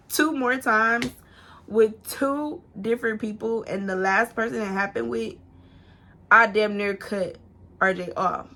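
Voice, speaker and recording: A young woman casually telling a personal story to camera, animated and profane, acting out what people said. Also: fairly high pitch. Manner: animated, swearing, acts out quotes in a raised voice. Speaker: storytime vlogger.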